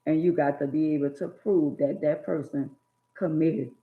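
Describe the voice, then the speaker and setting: Speaking at a normal pace in a low, steady voice, this woman vlogger delivers a forceful, sermon-style monologue of life advice aimed directly at her audience. Her recording has a thin, phone-like quality and bounces around an echoey room.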